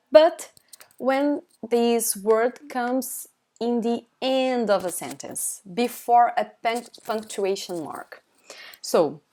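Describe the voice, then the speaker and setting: Woman, Brazilian Portuguese accent, young adult, live online lesson, unhurried delivery, repeats examples, keeps asking "okay?". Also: medium pitch, darkish tone. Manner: repeats each example twice, checks in with "okay?". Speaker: language teacher.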